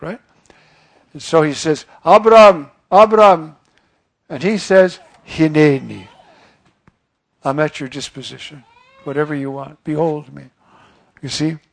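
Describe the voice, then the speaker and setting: An older priest gives a chatty, informal homily in a slightly higher voice. He acts out the voices of figures he quotes and keeps turning to his listeners with little questions. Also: creaky, breathy edge. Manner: conversational, acts out quoted voices, asks listeners "you see?".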